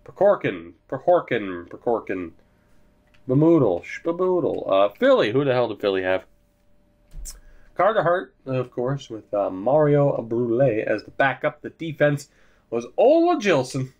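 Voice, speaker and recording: A young man casually commentating his hockey video game, joking and swearing, swinging from low mutters to sudden shouts. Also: wildly swooping pitch, measured pace, dull audio. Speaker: gaming commentator.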